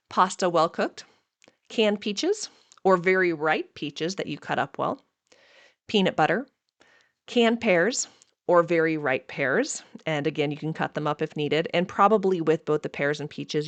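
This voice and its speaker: A dietitian giving a casual educational talk, chatty and upbeat, adding quick asides while going through a list. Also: mid-range voice, creaky, a bit bright, no echo.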